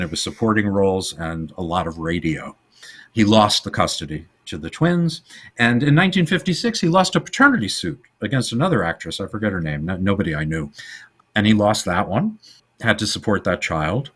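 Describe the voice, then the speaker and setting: A man co-hosting a podcast and telling film stories in casual chat. His pitch rises and falls a lot, his voice sits fairly low, and it has a husky edge. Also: fairly quick. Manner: animated storytelling, trivia-laden. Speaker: podcast co-host.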